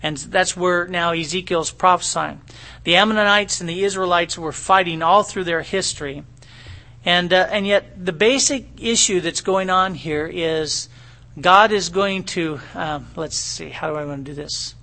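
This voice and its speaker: A man's voice: sits high, measured pace, bright, forceful tone. A middle-aged man preaching a conversational sermon in a folksy way, often checking in with his listeners. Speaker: pastor.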